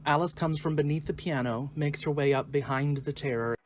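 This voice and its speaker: A man narrating the stage directions of a screenplay reading in a clear, measured way. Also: fairly high pitch, music in the background.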